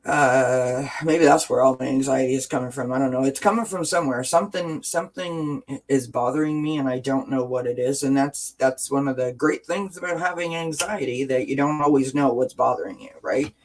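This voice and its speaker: A man's voice: mid-range voice, fairly quick, few pauses, rough recording. A man hosting a wellness livestream, talking in an earnest, heartfelt, encouraging way and rambling with restarts, into a webcam. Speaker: wellness channel host. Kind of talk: casual livestream chat.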